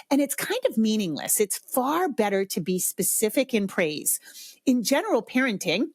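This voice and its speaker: Woman, podcast host, animated pitch, dry close-mic sound, conversational and emphatic. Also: fairly quick, no echo. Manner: conversational, emphatic, acts out quoted parents in a high sing-song voice. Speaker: podcast host, potty training expert. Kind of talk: solo podcast advice talk.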